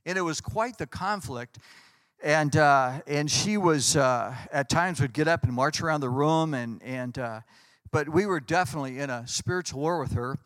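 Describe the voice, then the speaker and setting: A man, a pastor, telling lively anecdotes in conversation and acting out what people said. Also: fairly high pitch, moderate pace, no room sound. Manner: animated anecdotes, acts out quotes. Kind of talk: storytelling in a conversation.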